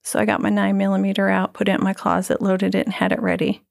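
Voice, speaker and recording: A middle-aged woman sharing an emotional personal faith testimony as a guest, swinging from loud exclamations to breathy whispers. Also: mid-range voice, monotone, fast talker.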